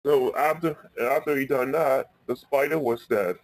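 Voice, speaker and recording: A man's voice: medium pitch, normal speed, no echo. A man casually improvising a cartoon story for his channel, rambling with frequent restarts. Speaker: YouTube storyteller.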